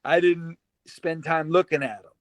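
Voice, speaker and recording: A man in his fifties, a former pro boxer, telling stories as a guest in a casual interview, animated and laughing often, with many repeated words. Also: fairly high pitch, normal speed, no room sound.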